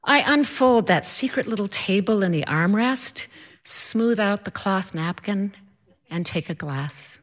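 Slow, wry woman storyteller. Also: mid-range voice, animated. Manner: wry, self-deprecating, dramatic. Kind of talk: personal story told to an audience.

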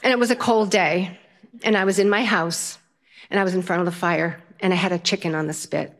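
An older woman storyteller, lively and self-mocking as she tells a funny personal story on stage. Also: on the low side, brisk.

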